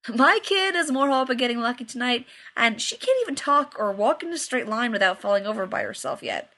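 A woman's voice: a little high, big pitch swings, fairly quick, heavily acted. A woman reading aloud and voicing a cocky, crude young man who teases his friend. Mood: mocking. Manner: loud, mocking, swearing freely.

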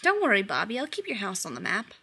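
A woman's voice: mid-range voice, huge pitch swings, fast talker, pushed and bright, breathy edge, heavily acted. A woman voicing a sullen, bored young man who speaks coldly.

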